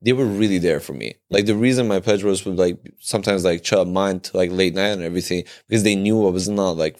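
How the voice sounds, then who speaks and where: A man's voice: low-pitched, fast, darkish tone. A young man telling a long personal story on a podcast, rambling with constant fillers and frequent swearing. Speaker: podcast co-host. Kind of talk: casual storytelling chat.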